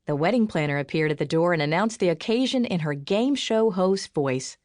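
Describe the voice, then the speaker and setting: A woman reads an audiobook in a low, dry, close-miked voice. She lifts her pitch for the characters' lines. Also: animated, fairly quick, few pauses, darkish tone, dry recording. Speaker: audiobook narrator. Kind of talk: scripted audiobook narration.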